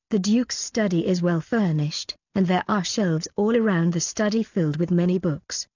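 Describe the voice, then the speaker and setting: A woman narrating an audiobook in a quick, even storytelling manner. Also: fairly low pitch, breathy edge, no room sound, dull audio. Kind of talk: scripted narration.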